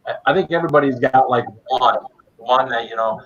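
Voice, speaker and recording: A man's voice: mid-range voice, brisk, a bit bright, muffled recording. A man hosting a live stream from his basement, chatting casually and greeting viewers by name. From United States.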